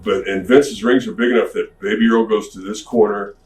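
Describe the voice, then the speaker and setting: A man casually telling an anecdote as a podcast guest, slangy and animated, recorded from a distance in an echoey room. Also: fairly low pitch, brisk. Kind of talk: storytelling anecdote.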